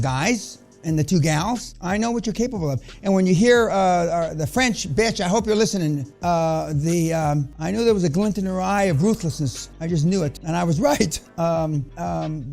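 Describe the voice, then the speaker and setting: A man holds forth before a seminar room, blunt, crude and provocative as he rambles from point to point. His voice sits rather high for a man, and faint music runs underneath. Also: expressive, moderate pace. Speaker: business seminar speaker. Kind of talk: profane seminar lecture to a room.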